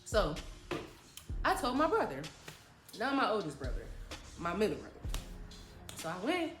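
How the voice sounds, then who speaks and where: A woman's voice: mid-range voice, huge pitch swings, moderate pace, reverberant, over music. A young woman telling a story in a dramatic, chatty, slangy way, often addressing viewers directly. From New Jersey. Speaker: storytime vlogger. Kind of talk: animated storytelling.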